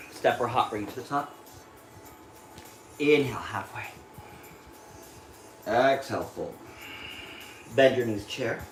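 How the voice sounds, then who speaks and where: A man's voice: on the low side, reverberant, poor audio. A man leading a yoga class, calling out breaths and poses while doing them himself, a little short of breath, with an American accent. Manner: calm cueing of breath and poses, breathy while moving through the flow. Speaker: yoga instructor. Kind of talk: guided yoga class cues. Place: yoga studio.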